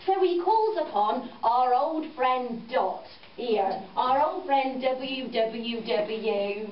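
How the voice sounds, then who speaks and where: A woman's voice: a little high, expressive, slow. Playful woman storyteller in an echoey room. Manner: playful, coaxing, with tag questions and laughs. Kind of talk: interactive storytelling for children. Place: farm venue, roomy space. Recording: echoey, distant, dull with background noise.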